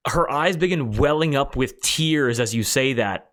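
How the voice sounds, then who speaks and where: Brief: male game master, mid-pitched, loose rambling narration. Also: lively intonation, a little slow, fairly bright tone. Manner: rambling, many fillers and restarts.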